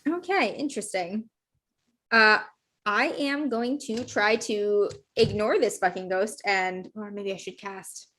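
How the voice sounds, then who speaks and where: A woman's voice: mid-range voice, unhurried, fairly bright tone. A woman playing a tabletop game, thinking aloud and unsure, with casual swearing. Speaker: player.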